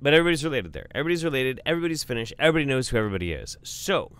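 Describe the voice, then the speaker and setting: A man's voice: mid-range voice, big pitch swings, very fast, fairly bright tone, smooth, no echo. A man casually telling a comic family story, rambling and profane, with lots of fillers.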